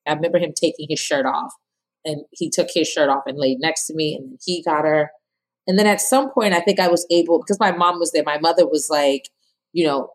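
A woman in her thirties, a podcast guest, telling her birth story with animated, laughing quotes. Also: low voice, fairly quick.

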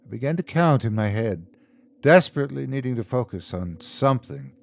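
A man hosting and narrating a scripted horror story, with measured, hushed storytelling and dramatic pauses. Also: mid-range voice, very animated, creaky. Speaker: host and narrator.

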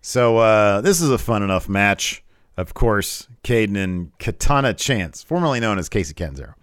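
A man's voice: normal speed, no echo, clean studio sound. A man co-hosting a podcast, chatting casually about a wrestling show and acting out what was said. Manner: animated, acts out quotes with big pitch jumps. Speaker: podcast co-host. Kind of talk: casual wrestling recap chat.

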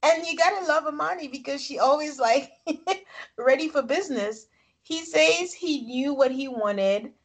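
A high-sitting voice, in no hurry, belongs to a woman co-hosting a casual podcast. She recaps a reality show, chatting and laughing often while retelling scenes.

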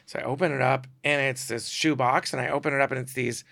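A man's voice: mid-range voice, quick pace, gravelly, no echo. A middle-aged man, a guest storyteller, animatedly acting out the voices of people in his anecdotes. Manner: animated, acts out quoted voices. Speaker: guest storyteller, celebrity photographer. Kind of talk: casual storytelling.

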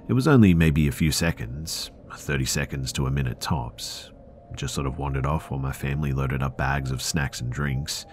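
Very deep-voiced man narrating horror stories. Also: darkish tone, a little hiss or hum. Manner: measured, earnest storytelling. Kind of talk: scripted narration of listener stories.

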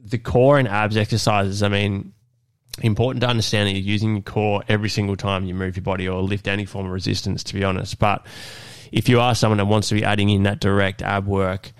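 A man hosting a solo fitness podcast, talking in a loose, relaxed way with lots of fillers. He sounds nasal and congested from being unwell. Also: lowish voice, fast, clear, resonant tone, no room sound. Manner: relaxed, many fillers and restarts.

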